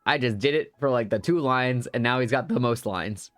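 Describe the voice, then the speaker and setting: A man's voice: mid-range voice, measured pace, long pauses, a bit bright, faint music behind. A man streaming a game, chatting casually about voice work in a rambling, laughing way with many fillers. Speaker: streamer and voice actor.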